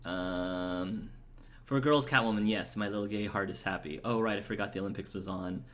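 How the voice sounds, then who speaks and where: A man's voice: lowish voice, fairly even intonation, normal speed, fairly bright tone. A man chatting casually and enthusiastically while playing a video game and answering his chat, rambling with fillers. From United States. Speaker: let's play host. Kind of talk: casual gameplay commentary, reading chat aloud.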